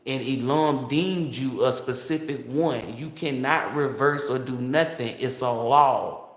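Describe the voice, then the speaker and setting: Heated, profane man ranting in an echoey room. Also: medium pitch. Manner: heated, profane, rambling rant. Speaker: tarot reader. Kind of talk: tarot reading monologue.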